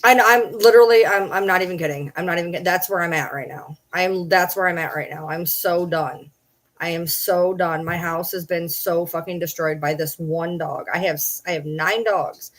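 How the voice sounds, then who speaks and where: Casting note: woman with a slightly low voice, exasperated home vlogger venting to camera, swears a lot, repeats lines. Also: fairly even intonation, brisk, few pauses, a bit bright. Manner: frustrated, swearing, repeats herself. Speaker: vlogger and livestreamer. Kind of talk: casual rant to camera.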